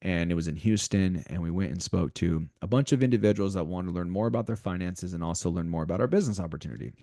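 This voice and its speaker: A man's voice: deep voice, fast talker, mellow, no room sound, studio quality. A man co-hosting a podcast, talking animatedly in a motivational way, repeating himself and speaking straight to the listeners. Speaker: podcast co-host.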